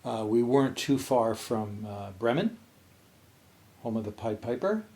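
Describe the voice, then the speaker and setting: A man's voice: mid-range voice, animated, measured pace, a little mellow. A man co-hosting a podcast from Canada, telling a long story in casual chat, acting out the voices of his friends and swearing freely. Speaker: podcast co-host.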